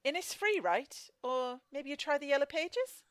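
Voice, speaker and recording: A woman's voice: sits high, lively intonation, normal speed, no echo. A woman doing a sarcastic Irish dating agent. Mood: dry. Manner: dry, sarcastic. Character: brisk young female dating agent, dry and sarcastic. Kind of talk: comedy sketch acting.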